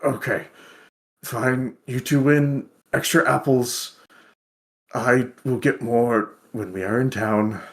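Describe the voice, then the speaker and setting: A man voicing an armored knight who is playful but sincere, speaking in a gentle, courtly way from a tabletop game. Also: mid-range voice, steady tone, slow pace. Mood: relenting.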